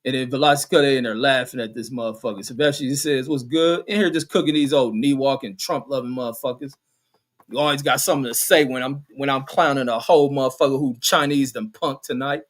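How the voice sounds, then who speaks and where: This middle-aged show host speaks briskly in a mid-range voice with fairly even intonation. He reads viewers' comments aloud during his live stream and shoots back combatively, cursing heavily and using slangy street talk in an angry rant.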